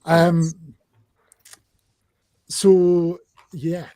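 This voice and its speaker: A man chatting casually on a video call, thoughtful and measured. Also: on the high side, level tone, warm tone. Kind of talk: casual chat.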